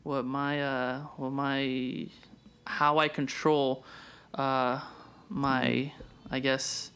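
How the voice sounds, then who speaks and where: A man's voice: medium pitch, little pitch movement, very slow, a bit bright, smooth. Rambling young man on a podcast. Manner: rambling, many restarts and swearing. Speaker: podcast co-host. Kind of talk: casual chat.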